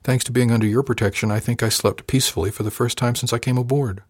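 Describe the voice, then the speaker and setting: A man voicing a smug, playful young female crew member in an audiobook, lifting his voice higher for her teasing lines. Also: fairly even intonation, quick pace, no room sound, clean studio sound, natural voice.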